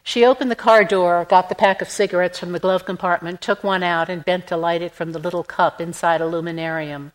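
A woman reading a literary novel aloud in an even, measured narration. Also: on the low side, poor audio. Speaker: audiobook narrator. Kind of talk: scripted narration.

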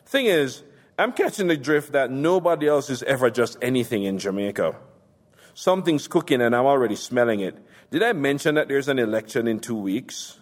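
A man's voice: mid-range voice, expressive, fairly quick, long reverb tail. A man casually presenting a novel reading in a loose, chatty way with fillers.

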